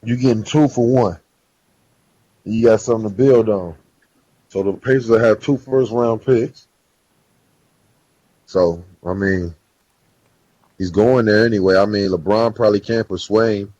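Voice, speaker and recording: A man's voice: fairly low pitch, unhurried, pauses often, warm tone, no room sound. A man co-hosting a podcast, arguing sports points in slangy casual talk and reeling off stats. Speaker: podcast co-host. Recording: dry, dull, slightly muffled mic.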